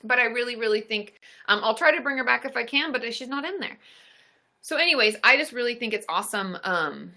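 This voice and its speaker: Young woman therapist, live-stream host, bright forceful voice, upbeat and encouraging, slightly high. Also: fairly quick. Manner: upbeat and encouraging, squeals excitedly at gifts. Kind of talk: live-stream chat answering viewers.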